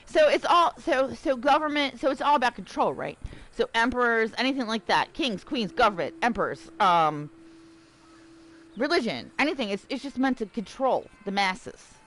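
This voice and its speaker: A woman's voice: on the high side, lively intonation, normal speed, fairly bright tone, poor audio. A woman live streaming a game, chatting casually, reading text aloud and riffing with jokes for her viewers. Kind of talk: casual livestream chat while gaming.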